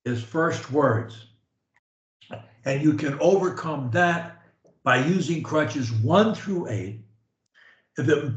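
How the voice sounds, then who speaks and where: A man working as a speech coach, talking slowly and stretching his words on a steady tone as he guides a client. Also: a little high, roomy sound. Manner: slow, drawn-out speech that holds a steady tone. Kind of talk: coaching conversation.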